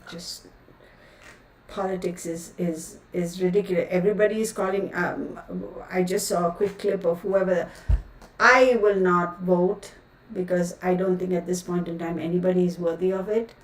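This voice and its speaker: A woman's voice: on the low side, steady tone, moderate pace. A woman who reads tarot, chatting casually on a livestream, and she rants outspokenly and in exasperation, with many fillers. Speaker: tarot reader hosting a livestream. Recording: roomy sound from a distant mic.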